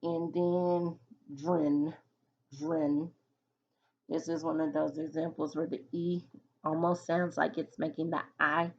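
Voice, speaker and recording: A woman's voice: low-pitched, flat delivery, normal speed, muffled recording. A woman teaching a phonics lesson to children, patiently sounding out letters and syllables one by one.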